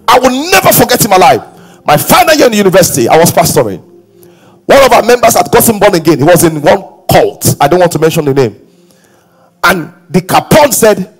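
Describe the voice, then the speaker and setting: A middle-aged man preaching a sermon as pastor, telling stories dramatically and moving from hushed asides to shouted exhortations. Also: sits high, big pitch swings, a little fast, husky.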